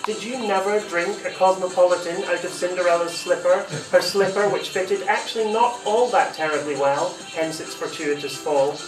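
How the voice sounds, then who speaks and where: A man reading poems aloud at a live reading, with an animated, teasing delivery. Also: high voice, normal speed, hardly any pauses, over music. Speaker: performing poet. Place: library reading room. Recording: echoey room, voice from far off.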